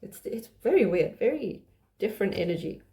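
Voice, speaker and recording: A woman's voice: mid-range voice, animated, a little fast, dark tone. A woman hosting a tarot reading channel, talking casually to camera, with frequent restarts and laughter as she reads the cards. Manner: chatty, restarts often, laughs while reading. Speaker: tarot reader.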